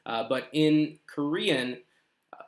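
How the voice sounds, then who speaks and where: A man's voice: fairly high pitch, slow. A young man from Canada, an English teacher, chatting through a live-stream lesson with patient explanations and frequent fillers.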